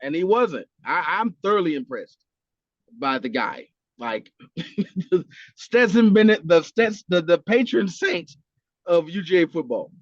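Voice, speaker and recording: A man's voice: high-pitched, unhurried, dry recording, lo-fi sound. A man co-hosting a podcast, talking casually and with animation, swearing a lot and acting out quotes. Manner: animated, profane, acts out quotes. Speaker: podcast co-host. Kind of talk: casual chat.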